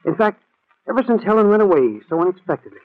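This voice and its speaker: A worried young husband who stammers and frets, his voice lively and fairly high, played by a man. It comes through a thin, tinny old radio broadcast. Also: fast talker. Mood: anxious. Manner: stammering, anxious.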